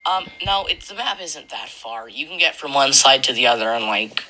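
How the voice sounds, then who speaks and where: A woman's voice: extremely low pitch, animated, normal speed, crowd noise, poor audio. A woman running a tabletop game as game master, rambling and correcting herself as she narrates. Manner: rambling, self-correcting, laughs often.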